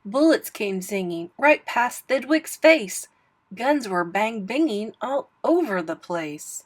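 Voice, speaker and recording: A woman reading a rhyming picture book aloud in an expressive, sing-song manner. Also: fairly high pitch, takes it slowly. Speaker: storybook reader.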